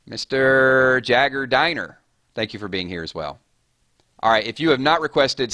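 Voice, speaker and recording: A man's voice: medium pitch, sharp tone, no echo, studio quality. A man hosting a casual live stream, rattling off chat names and thanking viewers. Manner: rapid-fire, chatty, reading names off chat.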